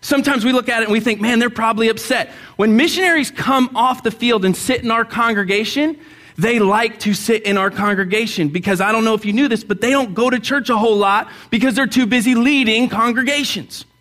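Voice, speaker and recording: A man's voice: very high voice, brisk, fairly bright tone. A man pastor preaching a sermon in a church, talking bluntly and conversationally, joking with the congregation and getting them to answer aloud. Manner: asks the congregation to respond aloud.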